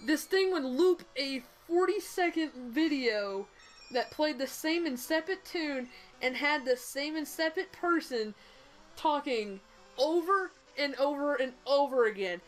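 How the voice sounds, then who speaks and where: Young southern gal co-hosting a game stream, a bit high voiced, rambly and blunt, cusses a lot, faint music behind. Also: female voice, animated, a little slow, poor audio. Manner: rambling, blunt, swears freely. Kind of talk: casual storytelling chat.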